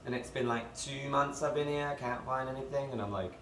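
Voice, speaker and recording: Among friends, a young man tells a casual story, laughing along and acting out what people said. His medium-pitched voice is fairly quick and fairly bright, caught by a distant mic in a roomy, noisy space.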